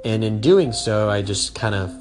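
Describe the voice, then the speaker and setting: A man's voice: lowish voice, expressive, normal speed. A young American man hosting his own radio talk show, stuttering and stumbling over his words as he chats casually. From United States. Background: music.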